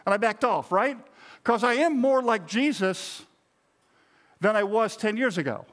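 A man's voice: sits high, unhurried, a bit bright. A middle-aged man, a pastor, preaching a sermon in a conversational, self-deprecating way with touches of humor.

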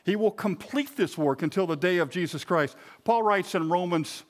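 A man's voice: sits high, moderate pace. A middle-aged man, a pastor, preaching a sermon in a conversational, self-deprecating way with touches of humor.

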